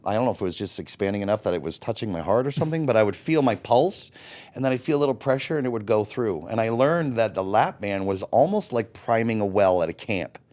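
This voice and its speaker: A man's voice: fairly low pitch, quick pace. A man in his late forties, a guest telling his own story in a candid, blunt way, swearing freely and acting out his own past thoughts. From Florida. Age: 40s. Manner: blunt, swears freely, animated when quoting himself. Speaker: interview guest.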